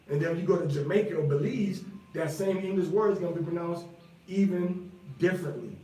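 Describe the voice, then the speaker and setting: A man's voice: high voice, a little fast, mellow. A man, teaching from the Bible in a loose, conversational way, with lots of fillers and repeats. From New York. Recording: very echoey room, voice from far off.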